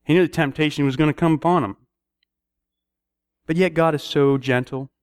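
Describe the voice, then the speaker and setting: A man preaching a sermon, telling stories and acting out prayers and dialogue with sudden rises in pitch. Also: fairly even intonation, moderate pace, clear, resonant tone, no room sound.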